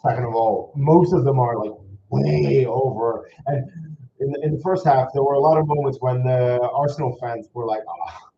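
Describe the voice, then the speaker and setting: Dutch streamer with American-tinged English. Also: male voice, mid-range voice, animated, fairly quick, warm tone. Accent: American-influenced English. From Netherlands. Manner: chatty, exasperated, rambling asides. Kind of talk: live reaction commentary. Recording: slightly dull echoey room with faint noise.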